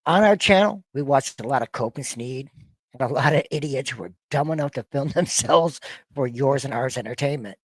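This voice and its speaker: A man's voice: medium pitch, expressive, normal speed, no echo. A man in his forties to fifties hosting a casual reaction podcast, talking bluntly and profanely and often stumbling over repeated words. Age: 40s to 50s. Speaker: podcast host. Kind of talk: casual reaction-show banter.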